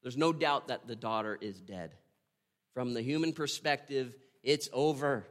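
A preacher with a medium-pitched voice gives a devotional Bible teaching. He reads scripture aloud and then reflects on it with emotion and slow emphasis.

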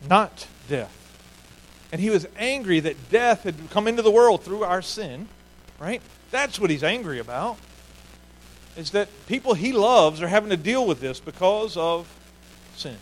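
A man's voice: high voice, expressive, unhurried, poor audio. A man preaching a sermon in an earnest way, often repeating key phrases for emphasis. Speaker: pastor.

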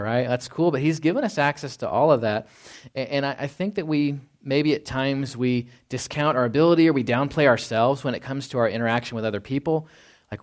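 A man preaching a conversational sermon, often tagging his points with "right?" and asking rhetorical questions. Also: medium pitch. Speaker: pastor.

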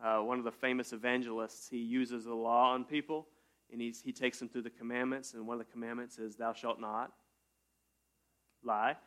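A man preaching a casual sermon in a church, talking to his congregation like friends. He jokes often and breaks into sudden loud bursts before settling back down. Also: medium pitch, little pitch movement, brisk. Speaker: pastor. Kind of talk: conversational sermon.

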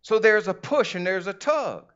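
A man preaches to his church in a relaxed, conversational way. He drifts into acted-out asides as he talks. The recording sounds dull and muffled. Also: high voice, moderate pace, clean tone. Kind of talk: sermon.

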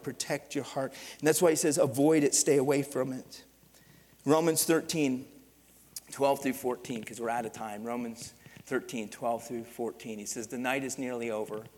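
A man's voice: medium pitch, a little mellow, a little hiss or hum. A man preaching a sermon as pastor, with emphatic repetition and direct calls to the congregation. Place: church sanctuary. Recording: long reverb of a church hall.

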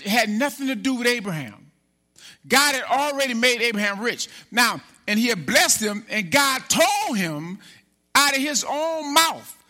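A man preaching a sermon as pastor, animated, calling out to the congregation and acting out biblical figures. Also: very high-pitched. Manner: animated preaching with call-and-response; acts out biblical figures in quoted speech.

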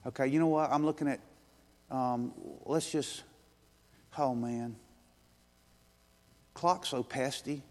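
An earnest male pastor preaches with a middling voice that carries a long echo through the sanctuary. His delivery climbs into urgent, pressing appeals and then eases into a quiet, gentle invitation. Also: mid-range voice, fairly even intonation, slow pace, pauses often. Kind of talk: sermon. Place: church sanctuary.

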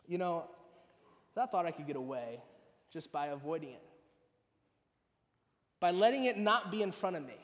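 A man preaches with a high voice, pressing hard on some lines and dropping to a hush on others. His words carry a long reverb, as if spoken in a large hall. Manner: emphatic, swings between loud and hushed. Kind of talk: sermon.

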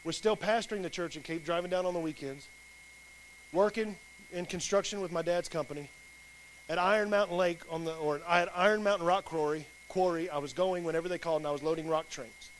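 A man's voice: fairly high pitch, brisk, slight background noise. A pastor, plain-spoken and folksy, giving a sermon with his personal testimony.

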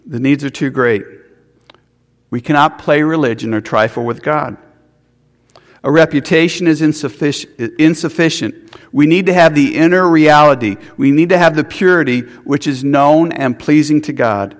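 A man's voice: fairly high pitch, moderate pace, big-room sound. A man preaching a sermon, earnest, with restarts and rhetorical questions. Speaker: pastor.

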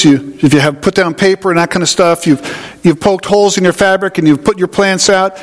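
High-voiced man preaching in a reverberant hall. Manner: conversational, folksy, with homey stories. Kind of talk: sermon teaching.

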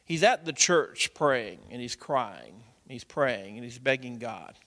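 A male pastor preaching a sermon, moving from quiet storytelling to loud, urgent exhortation. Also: medium pitch, animated, unhurried. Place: church sanctuary. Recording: long hall reverb.

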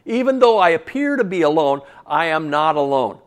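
A man's voice: on the high side, sing-song, moderate pace. A man preaching a sermon in a conversational way, asking the congregation questions and repeating key phrases for emphasis. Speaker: pastor.

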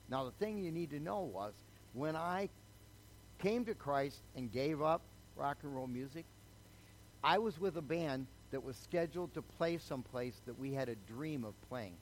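Over a low-quality recording with slight background noise, an older man speaks in a mid-range voice. He preaches conversationally, telling his own story and often asking the crowd "okay?"

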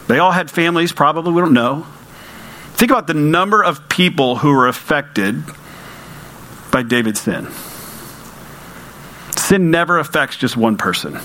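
A man's voice: on the high side, fairly bright tone, slight background noise, low-quality recording. A man preaching a sermon to his congregation in a conversational way, with rhetorical questions and emphatic repetition. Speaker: pastor.

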